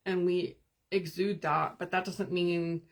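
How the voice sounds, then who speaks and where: During a live stream, a woman with a lowish voice works as a spiritual coach, pausing between calm, gentle, meditative instructions. She also takes questions and remarks from viewers in the comments.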